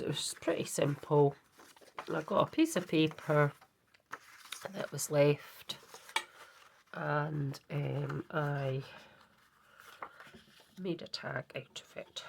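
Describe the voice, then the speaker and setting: A woman's voice: deep voice, vocal fry, a little mellow, a little hiss or hum. A woman hosting a craft video, chatting in a rambling way and correcting herself as she works, with a sweet in her mouth against a cough. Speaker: craft channel host. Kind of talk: casual crafting demonstration.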